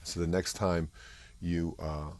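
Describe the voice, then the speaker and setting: Low-voiced New man telling stories. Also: little pitch movement, a little mellow. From New York area. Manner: halting, rambling storyteller with many fillers. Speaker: guest. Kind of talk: casual storytelling interview.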